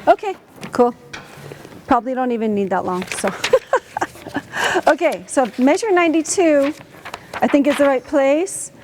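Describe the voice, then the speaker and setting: A woman coaching a student orchestra in a school auditorium, lively and encouraging, asking the players lots of questions. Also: high voice, a little slow, pauses often, background noise. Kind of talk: rehearsal coaching.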